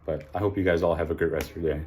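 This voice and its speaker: Deep-voiced encouraging male teacher. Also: fairly even intonation, lo-fi sound, slight background noise. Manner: encouraging, sounds out letters slowly; frequent fillers like um and like. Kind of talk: classroom phonics lesson.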